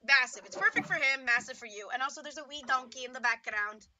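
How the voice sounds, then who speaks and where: A woman narrating as dungeon master of a tabletop game, playful and quick to laugh. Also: high voice, crowd noise.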